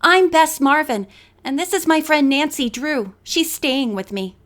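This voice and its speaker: A woman reading an audiobook, voicing an excitable teenage girl who gushes breathlessly. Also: sits high, unhurried, voice pushed up. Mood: excited. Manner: breathless, gushing. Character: excitable teen girl, boy-crazy fashion fan.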